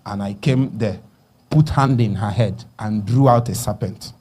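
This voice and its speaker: A man with a Nigerian accent preaching a sermon, dropping to hushed murmurs and rising to loud calls, asking the congregation to finish his sentences. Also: fairly low pitch, measured pace, a little hiss or hum. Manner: call-and-response questions to the congregation.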